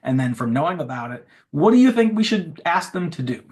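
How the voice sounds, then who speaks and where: Middle-aged guy giving a chill tech talk, bit higher voice, says "you know" a lot and acts out his prompts. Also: a little fast. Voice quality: animated, acts out what he says to the chatbot. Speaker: speaker at a tech event. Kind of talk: conference talk with audience Q&A.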